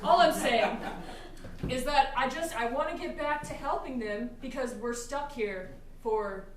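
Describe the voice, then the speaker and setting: Woman doing a flustered stuck musician, rambly, higher voice, echoey stage far away. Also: a little slow, noisy background. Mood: rambling. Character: stranded band member being interviewed, flustered. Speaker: improv performer. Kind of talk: improvised comedy scene. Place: live theatre stage.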